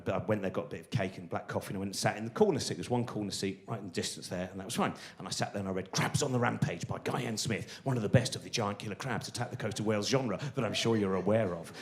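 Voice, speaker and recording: Rambling comic in his forties. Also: lowish voice. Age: 40s. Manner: rambling, self-deprecating, many restarts and asides. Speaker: stand-up comedian. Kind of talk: live stand-up storytelling. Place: large theatre stage.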